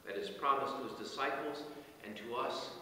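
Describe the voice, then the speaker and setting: Bright-voiced pastor preaching from afar. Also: male voice, medium pitch, moderate pace, slight background noise. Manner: earnest preaching, reads scripture aloud. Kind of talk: graveside sermon. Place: outdoor cemetery burial service. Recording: echoey distant outdoor recording.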